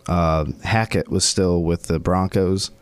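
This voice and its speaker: A man's voice: low voice, fairly even intonation, a little slow, clean tone, no echo. A man on a sports radio show, casually telling an amused story.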